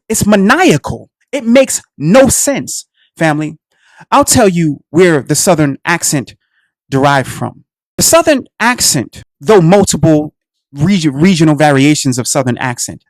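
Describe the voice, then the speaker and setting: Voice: medium pitch, no echo, studio quality. A radio show host delivering a heated solo commentary, preaching to listeners he calls family, repeating phrases and firing rhetorical questions.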